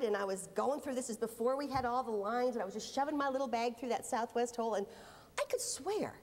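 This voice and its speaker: A woman giving a storytelling keynote talk to a conference audience, theatrical and animated, swinging from loud exclamations to hushed asides. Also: high voice, long reverb tail, slight background noise, poor audio. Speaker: keynote speaker. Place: conference hall before an audience.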